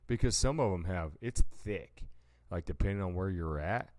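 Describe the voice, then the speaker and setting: A man's voice: deep voice, normal speed, no echo. A man co-hosting a casual podcast, teasing his friend and calling everyone dude. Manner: animated, teasing, says dude a lot. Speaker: podcast co-host. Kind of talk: casual chat.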